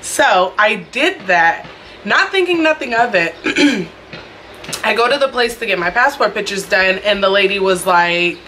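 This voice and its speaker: A young woman with a bright, clear voice tells a casual storytime vlog. She talks in a chatty, expressive way and speaks straight to her viewers. She records it on her phone indoors, with faint noise behind her. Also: mid-range voice, unhurried. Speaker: vlogger. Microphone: phone camera.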